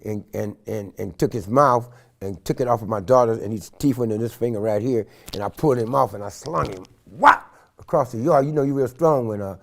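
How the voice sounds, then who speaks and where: An older man from San Francisco with a gravelly edge, telling his stories in an interview. He swings into the voices of the people in each scene and acts them out. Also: medium pitch, a little fast, a bit bright, slight background noise. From San Francisco, California. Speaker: interview guest. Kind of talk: animated storytelling. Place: studio interview set.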